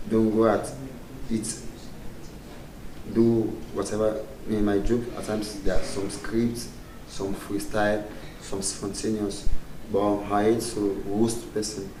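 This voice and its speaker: In a low, flat, mellow voice, a man who is a comedian guest talks slowly through a casual interview. He laughs frequently and his speech has a broken, pidgin-like quality; the recording is distant and roomy with faint noise behind it.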